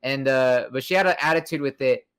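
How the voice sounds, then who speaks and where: A man's voice: mid-range voice, brisk, a bit bright, smooth. A young man hosting a podcast, chatting casually in a rambling, profane way with lots of fillers and restarts. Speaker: podcast host. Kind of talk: casual chat.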